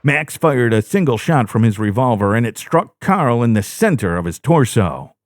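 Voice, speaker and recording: Man, horror story narration, slow and deliberate, very dry sound. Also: mid-range voice, no echo. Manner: dramatic, expressive. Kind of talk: scripted first-person horror narration. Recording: dry close-mic narration.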